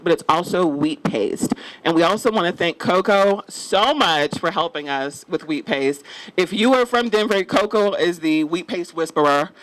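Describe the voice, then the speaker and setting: A man's voice: high-pitched, a bit bright, low-quality recording. A man giving a chatty, playful speech at an outdoor mural dedication, upbeat and joking with the crowd.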